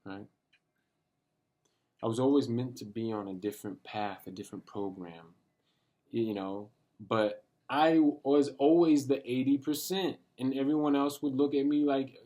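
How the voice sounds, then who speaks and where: A man's voice: medium pitch, measured pace, mellow. A man giving a passionate, profane motivational rant full of street slang, talking straight to his viewers. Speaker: vlogger. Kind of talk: casual motivational rant to camera.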